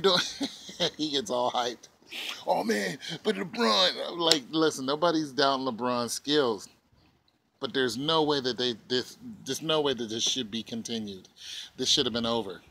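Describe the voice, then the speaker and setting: A man ranting casually in a vlog from his porch, animated and mocking, often laughing. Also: mid-range voice, a little hiss or hum. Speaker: vlogger. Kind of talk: casual opinion rant.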